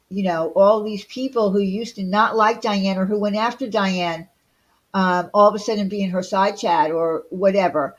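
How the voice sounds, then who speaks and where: A Long Island, New York woman hosts a casual livestream, ranting bluntly and firing off rhetorical questions. Her voice is mid-range, and the audio quality is poor.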